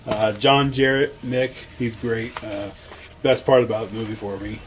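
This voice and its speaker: A man co-hosting a podcast in casual chat, easygoing and a little hesitant, quick to laugh. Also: on the low side, steady tone, a little hiss or hum. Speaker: podcast co-host.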